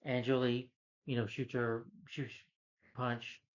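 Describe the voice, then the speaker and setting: A man's voice: medium pitch, level tone, slow, muffled recording. A man casually recapping a film as a reviewer, rambling with lots of "you know" and "like". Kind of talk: casual spoken movie recap.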